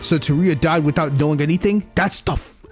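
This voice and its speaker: A young man commentating on a story game, reacting loudly with slang and swearing. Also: fairly high pitch, a little fast, faint music behind. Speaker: gaming YouTuber. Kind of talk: let's play commentary.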